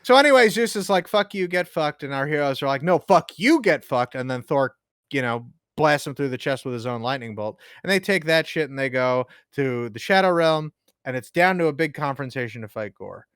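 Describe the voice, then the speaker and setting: A man's voice: mid-range voice, expressive, brisk, a bit bright, smooth, dry recording, clean studio sound. A man co-hosting a casual movie review chat, joking as he recaps the plot. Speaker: podcast co-host.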